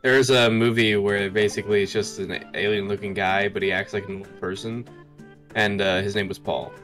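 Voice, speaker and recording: A man on a live stream reading and summarizing game text aloud in a quick, relaxed way. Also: lowish voice, soft background music. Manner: quick skimming read, relaxed. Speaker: co-player reading along. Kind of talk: casual live-stream chat.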